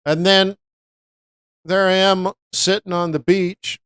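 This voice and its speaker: A talkative trading host riffing through casual market commentary on a live stream. The speaker leans on repetition for emphasis and keeps the tone loose and anecdotal. The voice sits at an ordinary middle pitch in a dry, close recording. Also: little pitch movement, takes it slowly, fairly bright tone, clear, resonant tone, no echo. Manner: chatty, anecdotal, repeats words for emphasis, laughs often; slips into voices when quoting others.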